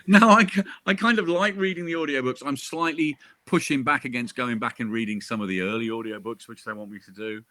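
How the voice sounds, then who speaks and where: Bright, chatty man on a dry call. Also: medium pitch, brisk, few pauses, no room sound. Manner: chatty, self-interrupting, jokey asides. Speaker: crime author interviewed as guest. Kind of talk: casual chat.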